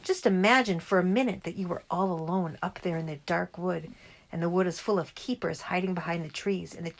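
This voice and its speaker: Woman reads an eager middle-aged dad spinning a yarn; lowish, animated storybook voice. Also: brisk, vocal fry. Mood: storytelling. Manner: lively, relishing the tale. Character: cheerful storytelling father, middle-aged man.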